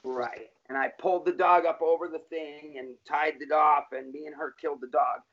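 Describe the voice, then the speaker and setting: A man's voice: on the high side, steady tone, moderate pace, a bit bright. A middle-aged man telling his life story in an interview, blunt and profane, in plain street talk. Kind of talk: candid personal storytelling. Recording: dull lo-fi recording.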